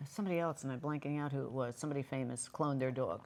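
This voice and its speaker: A woman's voice: extremely low pitch, very fast, a little mellow, a little hiss or hum. A woman co-hosting a relationship talk show, chatting candidly and often breaking off mid-thought. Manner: chatty, candid, self-interrupting. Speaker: co-host. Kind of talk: casual chat.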